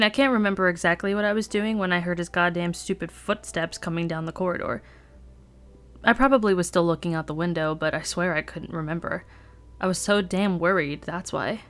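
A woman podcast host reading a first-person novel aloud in a brooding, sardonic narration. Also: on the low side.

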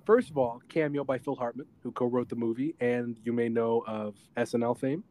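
A man co-hosting a podcast, casually retelling a film in animated fashion and slipping into quick voice impressions. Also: mid-range voice. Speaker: podcast co-host reviewing a film. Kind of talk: casual chat.

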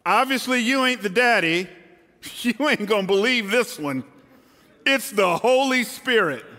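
A man's voice: high voice, expressive, measured pace, bright, forceful tone, big-room sound, voice pushed up, heavily acted. A man voicing a flustered young woman who bluntly confesses a surprise pregnancy. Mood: sassy. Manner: sassy, blunt.

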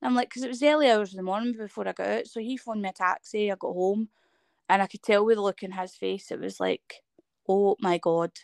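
A woman's voice: mid-range voice, a little fast, vocal fry, no room sound, clean studio sound. A Scottish woman in her thirties, telling a personal story in conversation and acting out what people said to her. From Scotland. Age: 30s. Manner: animated storytelling, acting out quoted dialogue. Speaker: guest.

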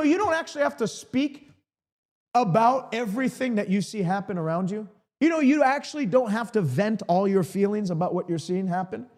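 A man's voice: very high-pitched, a little mellow, long reverb tail. A man preaching an emphatic live-streamed sermon, repeating key lines for emphasis.

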